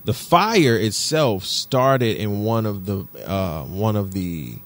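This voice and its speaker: A man from Detroit, co-hosting a podcast, telling a story in an animated, profane way and repeating himself for emphasis. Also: on the low side, slow. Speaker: podcast co-host. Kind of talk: casual chat.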